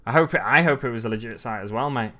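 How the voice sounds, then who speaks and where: Man, bright voice, casual crafting chat, mutters to himself. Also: medium pitch, fast. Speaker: hobby streamer.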